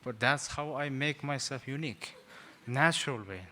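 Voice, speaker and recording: Man rambling through a gentle teaching talk. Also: mid-range voice, normal speed. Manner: rambling, self-mocking, with frequent "sort of" and hesitations. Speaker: Buddhist teacher, guest speaker. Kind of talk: informal teaching talk to young people.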